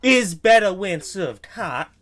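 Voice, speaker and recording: A woman voicing an indignant mole in a video game who insists hot tofu is best, loud and slow. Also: medium pitch, expressive, faint music behind, pitched above the performer's own voice. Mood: outraged.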